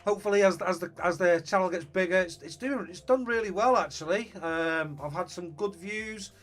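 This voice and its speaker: A man's voice: sits high, normal speed, fairly bright tone. Chatty man live-streaming. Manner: chatty, reads out viewer comments, thinks aloud. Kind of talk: casual live stream chat.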